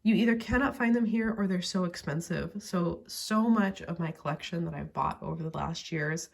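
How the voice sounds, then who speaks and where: Gravelly-voiced woman chatting, a little sick. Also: fairly low pitch, normal speed. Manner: chatty, rambling with many fillers. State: sick, pausing to cough. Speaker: toy collector vlogger. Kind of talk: casual chat.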